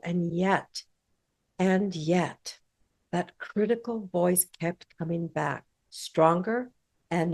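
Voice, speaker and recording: A woman's voice: on the low side, gravelly, darkish tone. A middle-aged woman hosting a self-help podcast, talking in a punchy, emphatic way with casual swearing. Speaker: podcast host.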